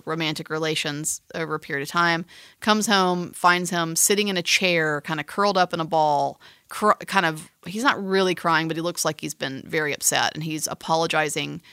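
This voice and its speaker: A woman's voice: low voice, a bit bright, smooth, no room sound, studio quality. A woman co-hosting a podcast, chatty and teasing, rambling through a film plot with restarts. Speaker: podcast co-host describing a film. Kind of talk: casual chat.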